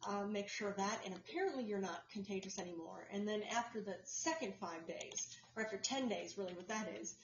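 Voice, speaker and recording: A woman's voice: mid-range voice, brisk, slight background noise. A woman co-hosting a podcast in casual chat, explaining at length with plenty of fillers and restarts. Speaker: podcast co-host. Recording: roomy, dull lo-fi sound.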